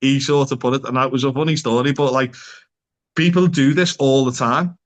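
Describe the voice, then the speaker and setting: A Liverpool-accented man talks through ideas in an easygoing podcast chat. His voice sits at an average pitch. He rambles and strings thoughts together with "like" and casual swearing. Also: fairly even intonation, normal speed. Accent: Liverpool (Scouse). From Liverpool, England. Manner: rambling, peppers speech with "like" and swearing. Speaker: psychotherapist guest.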